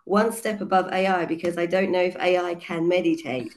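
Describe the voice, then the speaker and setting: A woman with a cold and a hoarse voice, a children's yoga teacher explaining her book chapter in an earnest way, with many fillers. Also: on the low side, steady tone, brisk, a little hiss or hum. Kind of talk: casual online panel talk.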